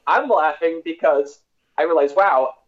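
A man chats on a podcast with a slightly high voice, telling stories with animated energy and acting out the funny parts. His sound is dull and a bit lo-fi. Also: a little slow. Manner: animated storyteller, laughs and acts out lines. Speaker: podcast co-host. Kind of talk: casual sports podcast chat.

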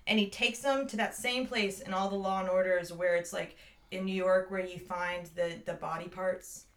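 A woman chatting casually on a podcast, telling stories in an animated way and swearing freely. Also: lowish voice, moderate pace. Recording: roomy, slightly distant mic.

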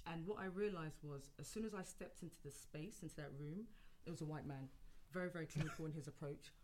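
A woman's voice: low-pitched, quick pace, a little mellow. A woman from a Ghanaian family who works as a dance practitioner, telling her personal story openly in a group conversation. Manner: open and frank, breaks into light laughter. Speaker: holistic dance practitioner, guest. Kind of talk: candid personal storytelling in a panel chat.

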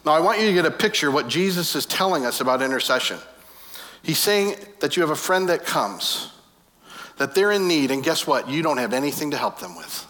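Male pastor, sermon, bright forceful voice, long hall reverb. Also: a little high. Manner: animated, conversational preaching with quick asides.

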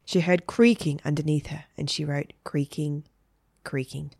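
A woman reading a children's story in a gentle, even storytelling manner. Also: low voice, moderate pace, vocal fry, slightly rough, no echo, clean studio sound. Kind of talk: scripted children's story narration.

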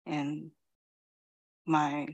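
Slow, low-voiced woman giving a dharma talk. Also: completely flat delivery, highs cut off. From Queens, New York. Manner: reflective, halting, with pauses and "you know". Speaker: Zen teacher.

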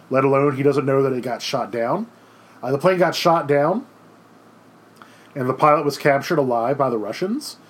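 A young man lectures on history in an easygoing, conversational way, full of fillers and quick asides. His voice sits a little high for a man. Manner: chatty, informal, with many fillers and quoted asides. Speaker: history teacher. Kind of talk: casual classroom lecture.

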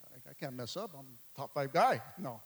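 A man preaching a sermon to his congregation, repeating phrases and building to loud, impassioned peaks. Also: medium pitch, very animated, moderate pace, breathy edge. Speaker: pastor. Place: church hall. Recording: long reverb of a large hall.

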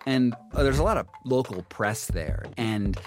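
A man's voice: mid-range voice, a little slow. Man, casual storytelling, acts out quotes, music bed. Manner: animated, acts out quotes in a raised voice. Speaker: interviewee recounting a climb.

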